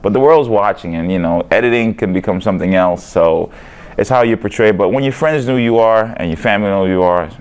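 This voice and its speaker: A man's voice: lowish voice, fast, a little mellow, smooth. A young man, a fighter, answering interview questions in a casual, rambling way, often adding "man" and "you know".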